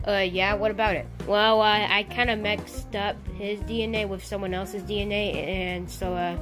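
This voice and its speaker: A woman's voice: medium pitch, little pitch movement, moderate pace, over music, pitched below the performer's own voice, natural voice. A woman doing a fumbling, hesitant doctor. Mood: sheepish. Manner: hesitant, full of "uh"s. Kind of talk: toy play-acting skit.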